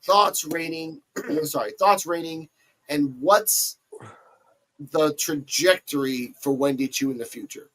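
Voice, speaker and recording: A fairly high-voiced man runs through a wrestling match move by move. He gets animated, jumping into squeaky put-on voices whenever he quotes someone. He talks like a host holding the floor on his own show. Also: slow pace, poor audio. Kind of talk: excited play-by-play recap.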